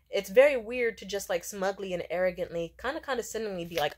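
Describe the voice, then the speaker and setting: A woman's voice: medium pitch, expressive, a little fast, hardly any pauses. A young woman vents about a bad date in a loose, casual rant. She is blunt and indignant, swears freely and fills her talk with fillers. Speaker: vlogger.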